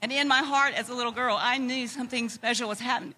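Woman, Texan accent, heartfelt and giggly, high bright voice. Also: steady tone, fast talker. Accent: Southeast Texan. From Germany. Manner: heartfelt, laughs easily. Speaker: interviewee. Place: convention floor.

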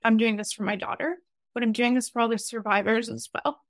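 A woman's voice: fairly high pitch, fairly even intonation, fairly quick, no room sound, clean studio sound. A woman hosting a podcast, speaking in a heartfelt, emotional way. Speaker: podcast host. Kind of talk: podcast conversation.

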